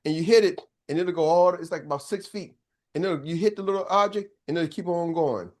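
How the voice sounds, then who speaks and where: A man's voice: on the high side, brisk. Older guy coach preaching business mindset, punchy and emphatic, keeps asking if folks are with him. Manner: emphatic, preacher-like, checks in with the audience. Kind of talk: motivational coaching talk.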